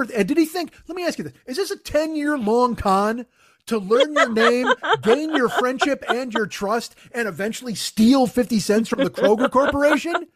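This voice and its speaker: A man's voice: very high-pitched, animated, normal speed, dry recording, studio quality. A man telling a profane, exasperated comic story as a podcast co-host, mocking himself as he goes. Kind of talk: comedic storytelling rant.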